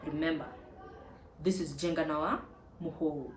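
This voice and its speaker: A woman's voice: low voice, fairly even intonation, moderate pace. A woman with a Kenyan accent, hosting a casual advice vlog in a chatty, emphatic way. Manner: chatty and emphatic, mixing in Swahili. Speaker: vlog host. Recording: echoey room with faint ambient noise.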